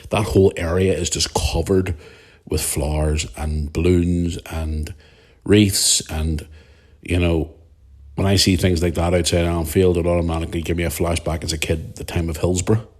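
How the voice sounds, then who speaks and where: A man talks alone into his podcast mic. His voice sits very low and sounds husky and rough. He rambles and gets emotional, and he swears freely. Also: level tone, normal speed, darkish tone. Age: 40s. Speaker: podcast host. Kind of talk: casual monologue.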